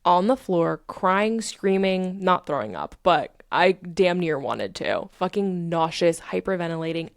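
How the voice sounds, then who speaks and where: A woman's voice: on the low side, animated, measured pace, few pauses, no echo, clean studio sound. A woman hosting a self-help podcast, talking in a candid, emphatic way with frequent swearing and repetition for emphasis. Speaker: podcast host.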